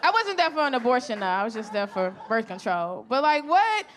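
A woman's voice: fairly high pitch, sing-song, a little fast, slight background noise. A woman doing a stand-up comedy set, telling stories in a brash, profane, conversational way on a club stage. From Chicago. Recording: live comedy club with audience laughter. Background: audience laughter and room murmur.

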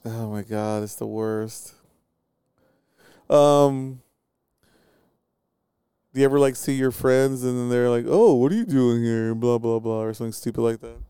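A man's voice: medium pitch, steady tone, a little slow, long pauses, dark tone, smooth, no room sound. A man hosting a casual podcast, asking questions in a laid-back way and swearing now and then. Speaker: podcast host. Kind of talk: casual chat.

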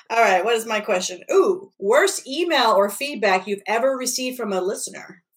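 A woman's voice: on the high side, lively intonation, moderate pace. A woman hosting a casual podcast chat, asking questions and laughing often. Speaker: podcast host.

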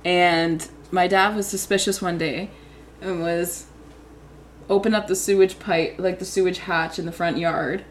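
A woman's voice: fairly low pitch, steady tone, measured pace, slight background noise. A young woman telling childhood stories in casual chat, rambling and giggling, with lots of "like".

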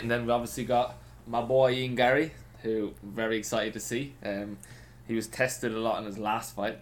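A man's voice: on the low side, a little hiss or hum. A man who is sore after training, chatting easily and upbeat as a podcast co-host. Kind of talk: casual podcast chat.

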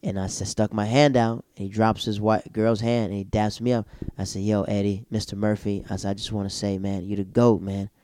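Animated man telling a comic story. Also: a little fast, smooth, no room sound. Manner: animated, jumps into loud high-pitched quoted voices. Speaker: stand-up comedian.

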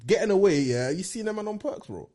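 A young man chatting casually on a podcast, telling stories in animated street slang. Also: sits high, fast.

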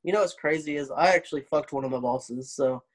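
Animated profane young man. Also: medium pitch, brisk, slightly rough. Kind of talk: casual unedited chat.

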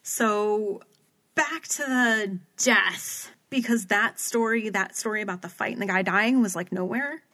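A woman's voice: mid-range voice, measured pace, sharp tone. A woman in casual conversation, rambling through a long story, with lots of "like" and quotes acted out as she goes. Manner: rambling storyteller, heavy use of "like", acts out quotes. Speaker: podcast co-host recapping a paranormal TV episode. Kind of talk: casual chat.

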